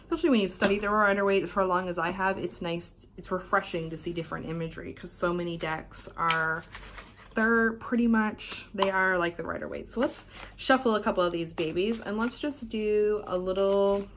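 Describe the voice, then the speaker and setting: A chatty young woman from Canada talks casually while flipping through a tarot deck, her voice sitting at an ordinary middle pitch. She swears offhandedly and slips into quiet asides. A faint hum of room ambience lies under her voice. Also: steady tone, moderate pace. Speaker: tarot vlogger. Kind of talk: casual unboxing chat. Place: hotel room while travelling.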